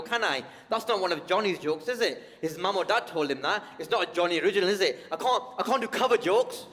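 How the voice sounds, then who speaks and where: A man doing a stand-up comedy set, his pitch swinging about as he teases the crowd. He sounds a touch high for a man, and a long theatre reverb trails his words. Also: expressive, fast, hardly any pauses, fairly bright tone. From United Kingdom. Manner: conversational, teasing, addresses the audience. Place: large theatre stage.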